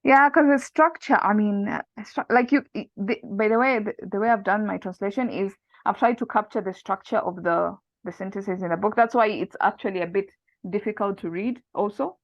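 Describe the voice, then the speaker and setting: A woman's voice: mid-range voice, normal speed, dry recording. Woman explaining translation, dull dry sound. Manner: explains step by step with frequent restarts and fillers. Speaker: teacher leading a study group. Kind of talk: casual online lesson.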